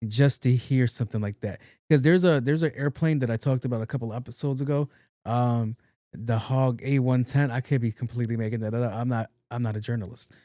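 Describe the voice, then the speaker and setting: A man's voice: medium pitch, fairly even intonation, fairly quick, warm tone, no echo, studio quality. A man hosting his own podcast in a casual, rambling, profane monologue, often repeating words playfully. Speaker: podcast host.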